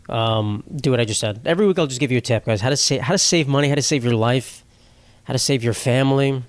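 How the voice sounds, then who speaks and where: A man's voice: mid-range voice, clean tone, dry recording. A young man hosting a casual solo podcast, rambling with crude jokes and silly voices for quoted people. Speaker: podcast host.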